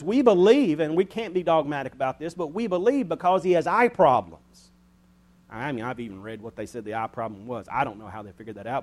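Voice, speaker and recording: A man preaching a Bible study sermon in a folksy, conversational way. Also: on the high side. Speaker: pastor.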